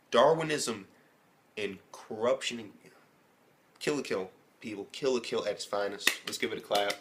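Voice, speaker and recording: A man giving a casual, rambling recap of an anime episode as a reviewer, excitable and swearing heavily. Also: on the low side. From United States.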